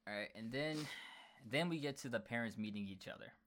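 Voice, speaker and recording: A podcast co-host at mid pitch in relaxed conversation about a film. The speech is halting, with frequent restarts and fillers while recalling scenes. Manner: conversational, halting, searches for words. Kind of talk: casual chat reviewing a film.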